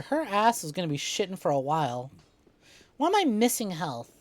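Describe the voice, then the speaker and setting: A woman's voice: on the low side, big pitch swings, normal speed, no room sound, faint music behind. A woman streaming a co-op game, telling rambling, profane stories to her chat in casual talk. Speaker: VTuber streamer.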